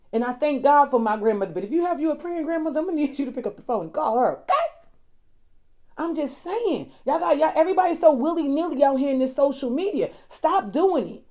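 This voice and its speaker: A woman life coach giving a motivational talk, preachy and repetitive, moving from hushed storytelling to loud exhortation. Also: high voice, animated, fast talker. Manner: preachy, emphatic and repetitive, addresses listeners as y'all. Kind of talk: motivational self-help talk.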